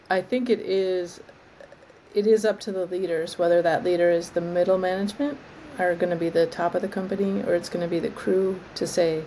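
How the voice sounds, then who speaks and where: A woman arborist trainer as an interview guest, explaining in a thoughtful, measured way and often restarting her phrases. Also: lowish voice, fairly even intonation, mellow, a little hiss or hum, low-quality recording. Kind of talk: conversational interview.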